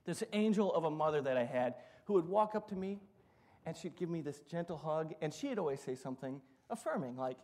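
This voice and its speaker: A man's voice: a little high, lively intonation, fairly quick, darkish tone. A middle-aged man preaching a sermon, telling funny stories and acting out what people said. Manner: storytelling, humorous, acts out quotes. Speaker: pastor.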